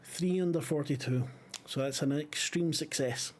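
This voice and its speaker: A man narrates a tabletop horror game as its game master, with a slightly high voice. He swears freely and pauses with plenty of ums while he describes the scene. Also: a little mellow. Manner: swears casually, frequent filler pauses.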